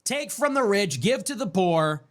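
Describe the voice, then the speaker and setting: A man's voice: very animated, unhurried. A man hosting a political talk show, delivering a heated, profane and sarcastic monologue, his voice jumping up sharply when he gets worked up. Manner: pitch jumps up sharply when agitated.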